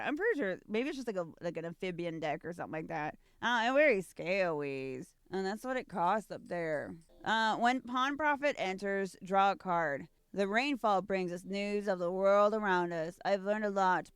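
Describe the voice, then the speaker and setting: A woman's voice: fairly low pitch, clean tone, no room sound. Gushing young woman unboxing cards. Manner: gushing, reads card text aloud, giggly. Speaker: card-unboxing YouTuber. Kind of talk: casual card unboxing commentary.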